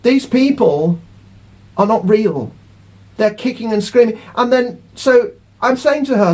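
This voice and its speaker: A man's voice: extremely high pitch, a little slow, pauses often, a little mellow. A middle-aged man giving an indignant, rambling monologue to camera as a vlogger, repeating himself as he goes.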